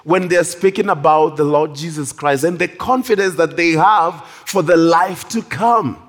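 A man preaching a sermon in a church hall with animated, drawn-out emphasis. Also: fairly high pitch. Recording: long reverb of a large hall.

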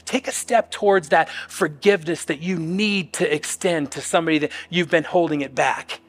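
High-ish voiced middle aged pastor guy preaching, earnest and chatty, restarts a lot. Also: a bit bright. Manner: earnest, conversational, with frequent restarts. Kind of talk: sermon.

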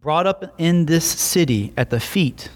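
A young adult man preaching a sermon, telling stories with lively voiced asides. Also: on the high side, a little slow. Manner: animated storytelling with voiced asides. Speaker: pastor.

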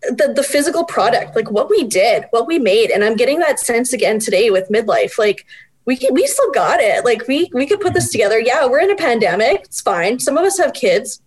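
A woman in her forties, a guest chatting casually, animated and self-deprecating with bursts of laughter. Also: a little high, fairly quick, slightly rough. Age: 40s. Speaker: guest, book project editor. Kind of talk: casual interview chat.

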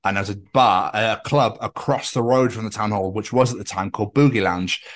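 A man's voice: lowish voice, a little fast. A man co-hosting a podcast, telling a long story in casual chat and acting out what people said. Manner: chatty storyteller, acts out quotes. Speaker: podcast co-host.

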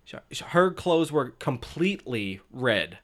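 A man's voice: medium pitch, very animated, measured pace. A man co-hosting a casual movie review podcast, talking in a laid-back way, picking at small details and swearing casually. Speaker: podcast co-host.

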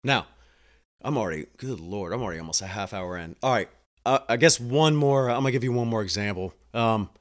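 Earnest, fast-talking man telling stories. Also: lowish voice. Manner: earnest and emotional, swears casually, speeds up when excited. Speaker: home health nurse. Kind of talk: candid storytelling monologue.

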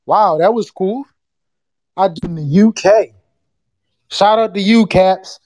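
Loud animated podcast host. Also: mid-range voice, takes it slowly. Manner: loud, animated, chatty, profane, breaks into screams. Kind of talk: live call-in podcast chat.

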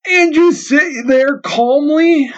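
A man's voice: a little high, expressive, brisk, a little mellow. A stunned spaceship captain questions what he finds, as a man reads his lines. His voice rises in disbelief. The recording is dull and lo-fi. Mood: incredulous. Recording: dull lo-fi sound.

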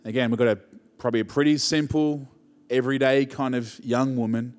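A man's voice: medium pitch, steady tone, a little fast, big-room sound. A man preaching a conversational sermon as pastor, rising to emphatic peaks.

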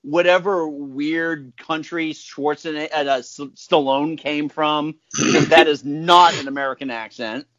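A man hosting a casual group chat, animated and laughing often. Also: fairly high pitch, a little slow, no room sound, dull audio. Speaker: podcast host.

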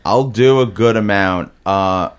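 A man with a Brooklyn-Queens New York accent, chatting casually as a comedian guest, halting and hesitant with many fillers. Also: fairly low pitch, smooth. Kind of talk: casual chat.

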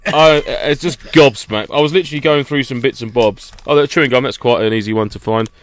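A man's voice: medium pitch, fairly quick, a little hiss or hum. A man co-hosting a podcast, ranting with laughter in a casual chat. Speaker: podcast co-host.

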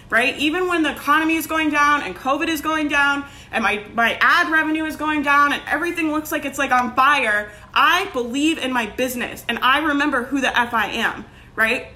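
Speaking fast with few pauses, a young woman with a high, bright, forceful voice gives a casual motivational talk as a business coach. She's candid, swears now and then, and leans heavily on "like" and "right?".

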